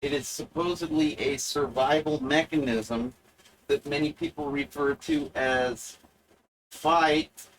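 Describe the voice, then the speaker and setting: Slow, sardonic man lecturing the viewer. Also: on the high side, steady tone, slight background noise, poor audio. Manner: sardonic, deliberate, halting with frequent pauses; mock-lecturing, talks straight to the viewer. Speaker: video essayist. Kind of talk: provocative monologue lecture.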